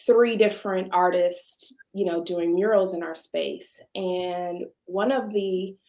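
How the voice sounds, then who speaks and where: A woman guest entrepreneur chatting casually on a video call, telling stories and lively when she quotes others. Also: lowish voice, slow pace, echoey room. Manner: storytelling, animated when quoting others. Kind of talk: casual panel conversation. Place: home, virtual video call. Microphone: video call microphone.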